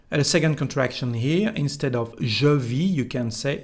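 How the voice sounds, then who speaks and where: A man's voice: medium pitch, moderate pace, few pauses. A man with a French accent teaching a French lesson in English, explaining each word with care and modeling phrases for the listener to repeat. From France. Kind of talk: online language lesson.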